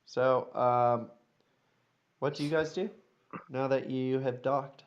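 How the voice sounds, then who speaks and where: A man narrating as dungeon master in a tabletop game, unhurried, with fillers, on a dull lo-fi recording. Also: mid-range voice, steady tone.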